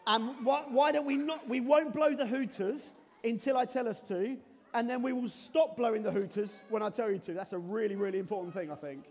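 A man giving a playful, animated children's talk in a church service. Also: extremely high pitch, fairly quick. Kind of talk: lively children's sermon. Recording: long reverb of a large hall.

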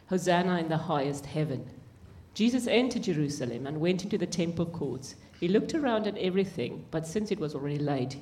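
A woman reading a Bible passage aloud in church, plain and steady, with small slips. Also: low voice, a little hiss or hum. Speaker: scripture reader.

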